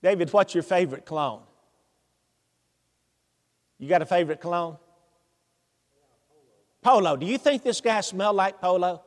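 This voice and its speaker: High-voiced preacher in a reverberant hall. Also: male voice, moderate pace, long pauses. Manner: animated, humorous, asks the congregation questions. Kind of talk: sermon storytelling.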